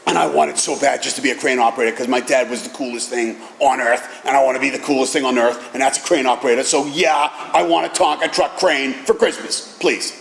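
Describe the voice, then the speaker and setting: A middle-aged man giving an animated personal talk at a recovery meeting, telling stories with casual profanity. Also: medium pitch, brisk, creaky, few pauses, slight background noise. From Boston area, USA. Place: meeting hall. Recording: echoey hall with faint ambience.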